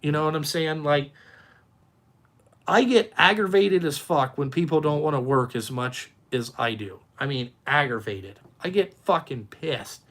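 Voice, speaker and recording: A man with a fairly bright voice pitched on the high side runs a dump truck business and is ranting bluntly on a livestream, swearing heavily as he answers viewers' comments. He repeats himself and restarts haltingly as he responds to the chat.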